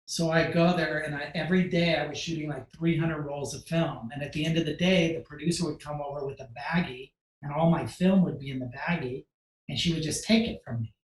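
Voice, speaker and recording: A man guest on a podcast, telling a story in a casual, animated way, acting out the voices of the people he quotes, with many fillers. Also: a little high, a little fast, reverberant, a little hiss or hum, low-quality recording. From United States.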